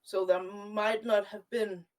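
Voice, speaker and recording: Slow, hesitant woman far from the mic. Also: mid-range voice, little pitch movement, a little mellow. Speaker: player. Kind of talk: casual tabletop play. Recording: distant from the mic.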